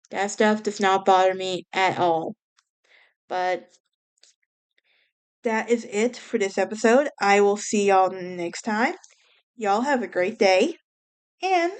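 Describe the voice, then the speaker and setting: This woman speaks in a smooth, slightly mellow mid-range voice with a Southern US accent. As a podcast host, she chats about a haunted house in a casual way, often correcting herself.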